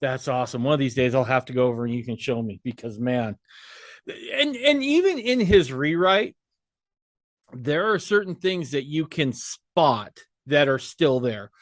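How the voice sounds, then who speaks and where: A man hosting a podcast, asking questions in a relaxed, curious way. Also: medium pitch, moderate pace, dry recording, clean studio sound. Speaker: podcast host. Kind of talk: casual interview chat.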